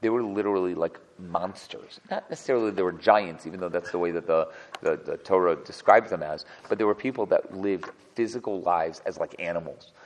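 Male Torah teacher, low voice, explains verse by verse, long hall reverb. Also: fairly quick, slight background noise. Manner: explains verse by verse, translating as he goes. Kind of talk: text study class.

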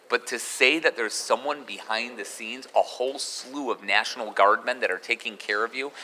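A man teaching a Torah class in an animated way, mixing in Hebrew terms. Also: on the low side, big-room sound, a little hiss or hum. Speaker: rabbi giving a Torah class.

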